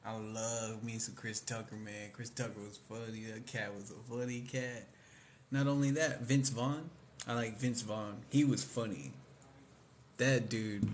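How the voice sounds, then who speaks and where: A man's voice: fairly low pitch, steady tone, measured pace, a little hiss or hum. A young man in casual chat, rambling in slang about favorite movies and mimicking lines he likes. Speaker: vlogger.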